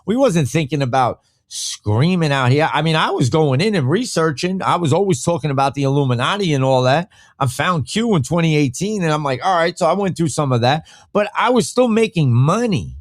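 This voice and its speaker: A man's voice: a little high, expressive, fairly quick, no echo, clean studio sound. Profane, heated man ranting on a podcast. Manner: reads viewer comments. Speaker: podcast host. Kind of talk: casual live-stream rant.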